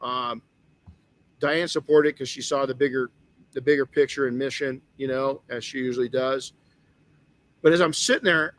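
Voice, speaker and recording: A man's voice: medium pitch, a bit bright. A middle-aged man hosting a motivational podcast, telling a personal story earnestly with many restarts. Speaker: podcast host.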